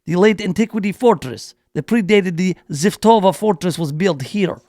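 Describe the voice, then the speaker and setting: A radio host putting on a slow, exaggerated mock accent that drifts toward Jamaican, to voice a solemn male archaeologist in a radio studio. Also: high-pitched, mellow, no echo, close to an everyday voice.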